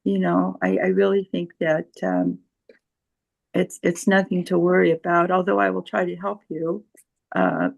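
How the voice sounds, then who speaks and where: A woman's voice: lowish voice, fairly even intonation, measured pace, gravelly, dull audio. A woman with a Californian accent, speaking as a volunteer tutor in a casual group discussion on a video call, hesitant, with many fillers and restarts.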